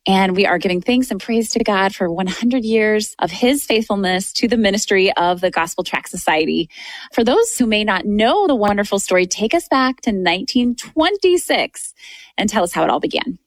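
A woman's voice: medium pitch, animated, moderate pace, no room sound. A woman hosting a Christian radio interview show, affirming and welcoming her guest.

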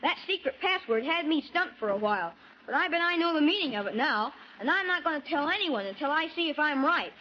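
A woman's voice: sits high, animated, brisk. An actress playing an eager young boy who reads out his fan letter in a radio program. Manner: eager, enthusiastic. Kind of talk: 1940s radio acting. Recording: dull old radio broadcast, faint hiss.

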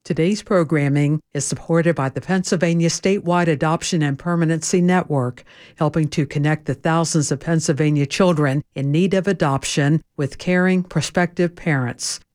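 An announcer reading a scripted sponsor message in an even way. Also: medium pitch, normal speed.

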